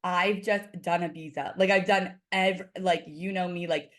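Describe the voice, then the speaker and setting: A woman in casual podcast conversation, her voice sitting a little low for a woman. She rambles loosely, leaning on "like" and "you know" as she talks. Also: steady tone, a little slow, fairly bright tone. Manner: chatty, lots of "like" fillers. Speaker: podcast guest. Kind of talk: casual chat.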